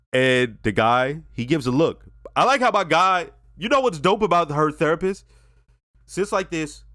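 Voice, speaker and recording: A man breaks down a TV episode for his channel in a loose, animated way, swearing freely and checking in with his viewers. His voice sits in an ordinary middle register. The sound is dry and close, with no room around it. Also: medium pitch, dry recording. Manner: animated, profane, talks straight to viewers. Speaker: TV reaction channel host. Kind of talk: casual TV episode review.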